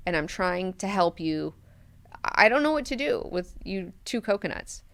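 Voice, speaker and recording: A woman's voice: lowish voice, animated, normal speed, clear, resonant tone. A woman voicing a harried old male official who sounds exasperated and swears casually.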